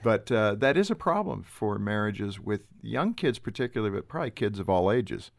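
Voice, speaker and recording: A man's voice: lowish voice, sing-song, normal speed, gravelly. A man hosting an interview, steering the talk with short questions and summaries. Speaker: host.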